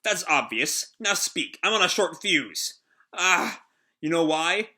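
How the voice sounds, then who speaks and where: Impatient female brawler, read by a man, curt and threatening, bright tone, comic read-aloud. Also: on the high side, very animated, slow pace, exaggerated voice.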